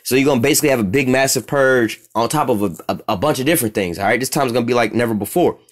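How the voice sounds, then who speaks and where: A man's voice: medium pitch, rapid-fire. Profane, rambling male Bible teacher. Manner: profane, rambling, keeps asking "all right?". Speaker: scripture teacher. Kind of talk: informal street-style Bible teaching.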